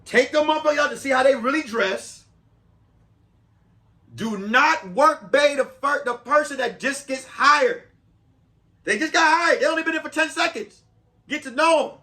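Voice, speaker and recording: High bright-voiced man, profane comic. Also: unhurried, pauses often. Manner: profane, emphatic, rambling. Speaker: podcast host, comedian. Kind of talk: comedic advice monologue.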